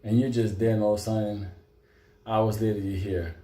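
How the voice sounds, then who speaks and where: A man telling a comic story in a profane, animated way, swinging between loud bursts and quiet asides. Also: on the low side, brisk. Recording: echoey room.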